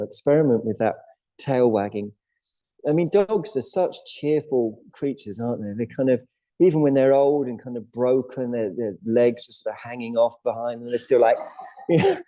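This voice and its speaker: A man leads a yoga class in a studio, his voice mellow and low in brightness. He talks in a loose, chatty way, laughing often between his cues. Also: rough recording. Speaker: yoga teacher. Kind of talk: guiding a live yoga class.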